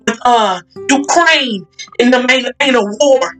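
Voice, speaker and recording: A woman's voice: fairly high pitch, a little slow, fairly bright tone, soft background music, poor audio. A woman hosting a faith talk session, speaking fervently and emphatically in a preaching style, repeating her points.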